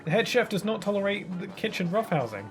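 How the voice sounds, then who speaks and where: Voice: medium pitch, sing-song, fast, soft background music, pitched above the performer's own voice, lightly acted. A streamer doing an indignant Toad head chef. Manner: indignant, exclaiming.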